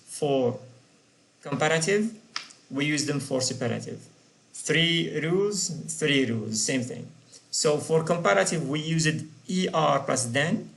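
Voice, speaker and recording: Guy teaching english grammar, mid pitch, asks the class stuff then answers it, spells out the letters. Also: a bit bright. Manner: asks questions of the learners and answers them himself; spells out word endings letter by letter. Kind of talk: grammar lesson.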